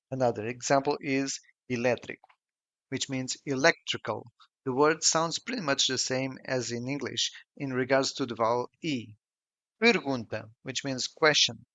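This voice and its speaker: A man narrating a scripted pronunciation lesson, slowing down to model each example sound with care. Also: medium pitch, a bit bright, no echo. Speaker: language tutor. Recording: dull, lo-fi and dry voice-over.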